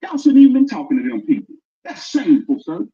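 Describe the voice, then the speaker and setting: A man ranting loudly and arguing on a livestream, talking over the others in heated debate. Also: high-pitched, wildly swooping pitch, fast talker. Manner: loud, ranting, argumentative. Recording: dull lo-fi stream audio.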